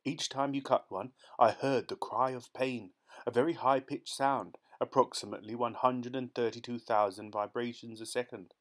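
A man reading an audiobook, voicing a peculiar, excitable male inventor who speaks urgently and intensely. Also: mid-range voice, normal speed, lightly acted.

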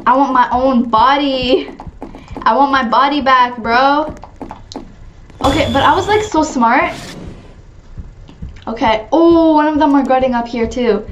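A young woman giving giggly, chatty, excitable commentary while playing a game, often breaking into squealed greetings. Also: sits high, measured pace, highs cut off, a little hiss or hum. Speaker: gaming channel host. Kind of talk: casual gameplay commentary.

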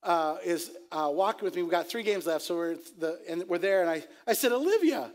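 A middle-aged man, a pastor, preaching a sermon and telling stories in an animated, jokey way, laughing at his own tales. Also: a little high, brisk. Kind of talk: sermon with storytelling.

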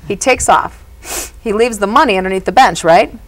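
A woman speaking as a psychic medium guest, telling stories in an animated, earnest way. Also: medium pitch, fairly quick, low-quality recording. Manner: animated and earnest, often says "you know". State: emotional at moments. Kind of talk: storytelling in a conversation.

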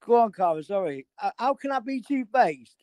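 A woman's voice: a little high, expressive, normal speed, a little mellow, no echo. Defensive, swearing woman on a panel. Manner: defensive, cursing, keeps interrupting to answer. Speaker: livestream panelist. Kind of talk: heated argument on a live panel.

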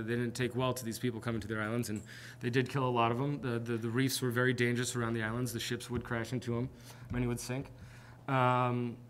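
A man's voice: mid-range voice, fairly bright tone, slight background noise. Man giving a casual history talk. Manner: conversational storytelling. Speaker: seminar presenter. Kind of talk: informal history lecture. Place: presentation with slides.

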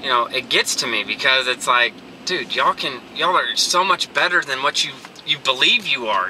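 A man rambles earnestly into his handheld camera. He keeps restarting his sentences in a casual motivational rant. Car and traffic noise runs loudly underneath. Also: mid-range voice, lively intonation, moderate pace, hardly any pauses, recorded from a distance. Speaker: vlogger. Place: in a car and outdoors. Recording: noisy car and street background.

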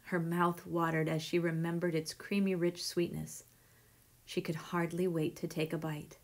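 A woman reading a children's picture book aloud with gentle, measured storytelling. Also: lowish voice, level tone.

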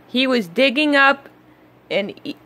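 A woman reading a children's picture book aloud, slow, gentle and expressive. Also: sits high. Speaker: storybook reader. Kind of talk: children's read-aloud narration.

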